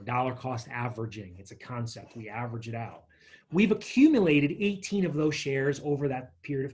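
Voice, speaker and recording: Man, workshop presenter, husky, higher-pitched, chatty, energetic. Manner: energetic, chatty, tells stories with acted quotes. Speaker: financial literacy workshop presenter. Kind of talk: workshop talk walking through a workbook.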